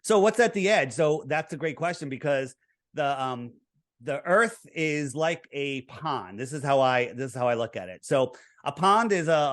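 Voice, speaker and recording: A man being interviewed, with a voice pitched a little above the usual for a man. He explains himself in an earnest, lecturing manner, taking the listener through his figures step by step. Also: a bit bright. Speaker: interview guest.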